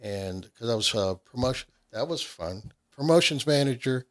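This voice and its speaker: A man's voice: medium pitch, expressive, normal speed, fairly bright tone. A middle-aged man from Nashville, a radio host in casual chat, telling stories and acting out what people said. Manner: storytelling, acts out quoted voices.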